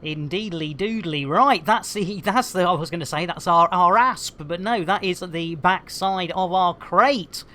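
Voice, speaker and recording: A woman's voice: fairly low pitch, a little slow, few pauses, bright, forceful tone. A woman streaming a game, bantering with her chat in a jokey, bubbly way, full of silly rhyming catchphrases and cheeky innuendo.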